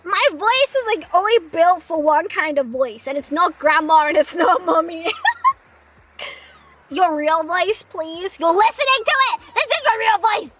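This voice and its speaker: A woman's voice: very high-pitched, animated, unhurried, very noisy. A young woman streaming and chatting casually with viewers, playful and self-deprecating, with frequent giggles. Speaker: streamer, part-time voice actor. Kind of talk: casual live-stream chat.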